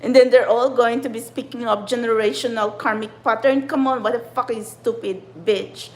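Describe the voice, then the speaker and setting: High-voiced woman ranting. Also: fairly even intonation, moderate pace, low-quality recording. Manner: ranting, frustrated, swears often. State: upset. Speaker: spiritual channeler and tarot reader. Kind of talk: impassioned livestream monologue.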